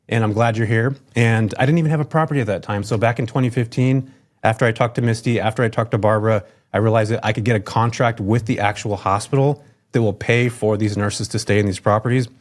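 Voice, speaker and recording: A middle-aged man from California, a podcast guest telling his story in an upbeat, enthusiastic, chatty way. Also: fairly low pitch. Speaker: podcast guest, real estate investor. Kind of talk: casual storytelling.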